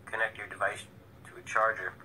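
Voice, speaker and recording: Rambling male live-streamer, low and sharp-toned, profane and agitated, phone mic at home. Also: flat delivery, fairly quick, a little hiss or hum, poor audio. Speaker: vlogger and self-styled presidential candidate. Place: indoors at home.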